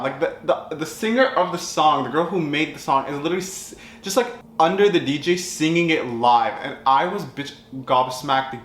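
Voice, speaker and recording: A man's voice: a little high, fairly bright tone, a little hiss or hum. A young man telling a campy, chatty storytime vlog with lots of expression. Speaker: vlogger. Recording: echoey room with faint ambience.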